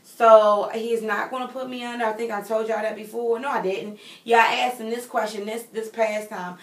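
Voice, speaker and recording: A woman's voice: a little high, moderate pace. Chatty pregnant woman in an echoey room. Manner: chatty and expressive, talking straight to viewers. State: heavily pregnant. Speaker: vlogger. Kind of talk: casual chat to viewers. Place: home nursery room. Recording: echoey room, mic at a distance.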